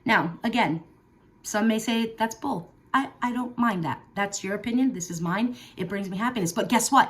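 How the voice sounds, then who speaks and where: A woman's voice: fairly high pitch, moderate pace, a bit bright. Earnest heartfelt woman vlogger. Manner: earnest, heartfelt, emphatic, with fillers. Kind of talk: personal talk to camera.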